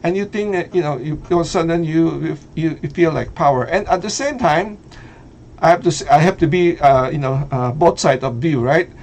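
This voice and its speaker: A middle-aged vlogger from the Philippines, speaking with a Filipino accent, gives casual commentary in a hesitant, halting way, using many fillers like "uh" and "you know" and laughing easily. His voice is a little high for a man and a little mellow, with a faint hum of room noise behind him.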